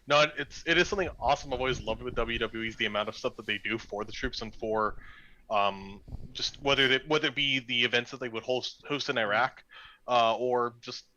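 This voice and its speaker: A man's voice: medium pitch, brisk, pushed and bright, highs cut off. A young adult man from the American South co-hosting a casual wrestling podcast, chatty, laughing easily and swearing casually. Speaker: podcast co-host.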